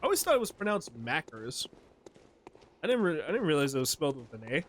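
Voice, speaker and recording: A man's voice: on the high side, very animated, fast, a bit bright, a little hiss or hum. A man in his twenties chatting casually with viewers while playing a game, slangy and rambling, laughing often. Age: 20s. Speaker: streamer. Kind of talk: casual gameplay commentary to chat.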